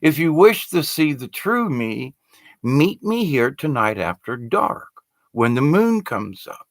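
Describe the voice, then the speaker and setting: A man voicing a gentle male rattlesnake who is also a young man, speaking calmly and earnestly. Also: mid-range voice, slow, no room sound, studio quality.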